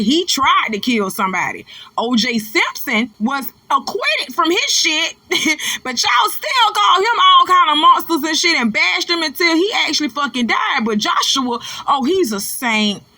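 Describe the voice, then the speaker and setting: A woman's voice: high-pitched, pushed and bright, no room sound. A woman hosting her own commentary channel, ranting bluntly and profanely in a casual, preachy way.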